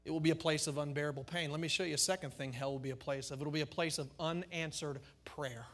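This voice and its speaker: A man preaches with fervor, building his points through rhythmic repeated phrases. His voice sits high and rings bright and forceful. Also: steady tone, fast. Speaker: pastor. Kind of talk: sermon.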